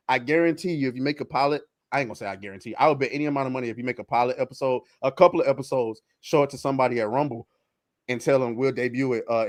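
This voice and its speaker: A man telling a story in casual podcast chat, animated and laughing as he acts out the characters. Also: mid-range voice, dry recording, studio quality. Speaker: podcast co-host.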